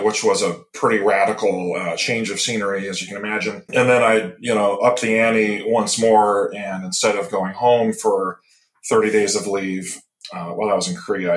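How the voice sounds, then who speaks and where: A man in his fifties from Michigan, a guest on an interview podcast, telling stories in a relaxed, rambling way with many pauses and restarts. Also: lowish voice. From Michigan, USA. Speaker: guest, tropical medicine specialist. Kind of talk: casual interview chat. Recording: roomy echo.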